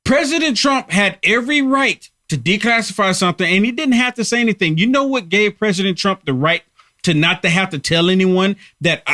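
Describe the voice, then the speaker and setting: The political livestreamer here has a high voice with lively intonation, pushed and bright, at a moderate pace. He rallies viewers by hammering and repeating his points, and the recording is studio-clean with no room sound.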